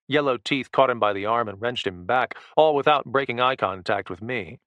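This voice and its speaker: A man narrating a first-person action thriller audiobook with a low, tense, steady delivery. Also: moderate pace, few pauses, no echo.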